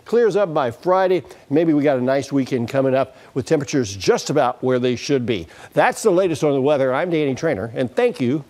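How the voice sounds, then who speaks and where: A man's voice: medium pitch, lively intonation, fairly quick, few pauses, darkish tone. A man, a TV meteorologist, giving a weather forecast in a folksy, chatty way with dry humor. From United States.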